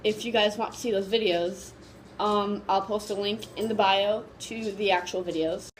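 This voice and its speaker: A woman vlogger casually telling a story to camera, excited and gushing, rambling with lots of fillers. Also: mid-range voice, normal speed, rough recording.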